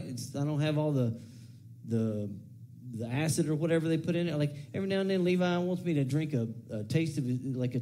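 Casual rambling preacher, a man with a mellow voice. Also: a little high. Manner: casual, rambling, with many restarts and asides. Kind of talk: conversational sermon.

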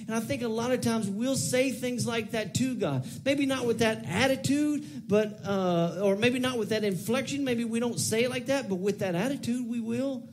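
Speaking at a normal speed with few pauses, a pastor in his thirties has a very high-pitched voice. His sermon is casual and conversational, full of repeated phrases and whiny prayers he acts out.

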